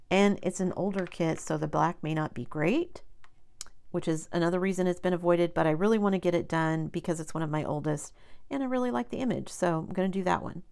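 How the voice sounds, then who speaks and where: A woman's voice: fairly low pitch, gravelly, a little mellow. A woman hosting her own crafting channel, talking in a rambling, chatty way with many ums and self-corrections. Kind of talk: casual chat.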